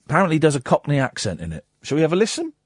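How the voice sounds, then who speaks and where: A man hosting a late-night radio show from a studio, talking excitably with stammering restarts. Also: on the high side, racing, husky, dry recording. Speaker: radio host. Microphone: studio microphone.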